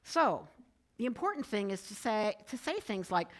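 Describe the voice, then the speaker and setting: A woman's voice: mid-range voice, normal speed. A woman giving a conversational church message, telling personal stories and quoting others. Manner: storytelling, animated, quoting others in changed voices. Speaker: speaker giving a Sunday message. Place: church sanctuary.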